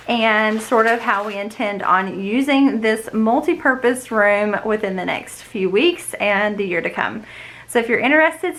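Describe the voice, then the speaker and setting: A homeschooling mom vlogger, audibly out of breath, chatting casually as she walks through a room in her home to give a tour. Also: on the high side. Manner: chatty, warm-hearted tour guide walking through the room. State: winded, out of breath. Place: indoor room in a family home.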